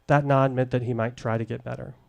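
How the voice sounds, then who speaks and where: A middle-aged man telling a candid personal story at a live showcase, deliberate and wry, into a stage microphone. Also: medium pitch, level tone, creaky, a little mellow. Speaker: storyteller, former case manager.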